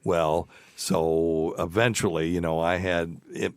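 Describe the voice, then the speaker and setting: A man's voice: deep voice, flat delivery, slow pace, clean tone, dry recording, clean studio sound. A middle-aged man hosting a podcast, telling a crude, rambling anecdote in casual chat. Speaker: podcast host.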